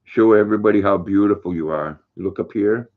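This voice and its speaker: A man's voice: lowish voice, brisk. Folksy older man on a lo-fi stream. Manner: folksy, reads viewer comments aloud, talks to his dog. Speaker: livestream host. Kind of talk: casual livestream chat reading comments.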